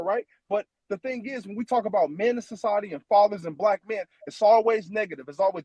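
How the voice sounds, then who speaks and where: A man's voice: sits high, fast, hardly any pauses, darkish tone, no echo, lo-fi sound. A man on a livestream panel speaking bluntly and defensively, with plenty of "you know" fillers.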